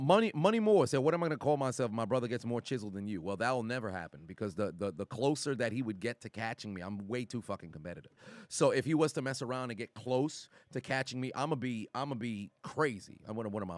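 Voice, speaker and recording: A man with a medium-pitched voice streams live, reading chat messages aloud in an animated, excitable way and swearing freely. There is no room sound.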